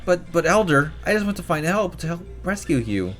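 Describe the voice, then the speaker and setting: A man voicing an earnest young boy heir to a tribe who pleads and whines nervously in a squeaky voice. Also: sing-song, a little fast, a bit bright, faint music behind. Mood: pleading.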